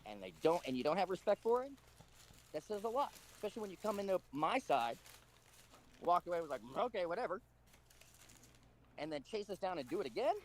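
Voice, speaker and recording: A man's voice: sits high, very animated, fast talker, a little hiss or hum. A man arguing his point on a live stream panel, insistent and emphatic, talking over the others. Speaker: panel guest. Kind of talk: heated live stream argument.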